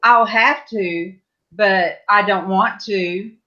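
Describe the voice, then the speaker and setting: A woman's voice: medium pitch, fairly even intonation, takes it slowly, lo-fi sound, a loud crowd. A woman on a livestream panel chatting casually, hesitant and often restarting her sentences.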